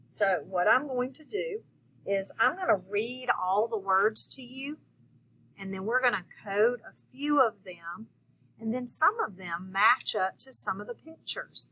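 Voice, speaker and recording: A woman's voice: fairly high pitch, expressive, a little slow, bright, forceful tone, slight background noise, rough recording. A woman teacher giving a patient phonics lesson to young children, checking in often with them.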